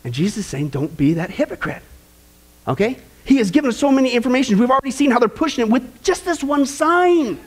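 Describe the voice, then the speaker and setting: A man's voice: very high voice, animated, fast talker, hardly any pauses. A man preaching a sermon with passion, scolding and acting out quoted voices. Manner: impassioned, scolding, acts out quotes.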